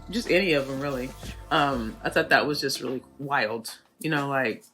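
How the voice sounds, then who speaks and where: Bright-voiced chatty woman recapping TV. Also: a bass voice, normal speed, faint music behind. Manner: chatty, animated, filler-heavy. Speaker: reality TV recap host. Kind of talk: casual commentary.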